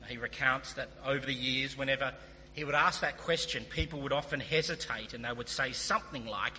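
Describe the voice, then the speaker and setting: A man's voice: medium pitch, fairly even intonation, fairly quick, bright, forceful tone. A man preaching a sermon as pastor, earnest and emphatic, with casual asides. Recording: long hall reverb, faint hum.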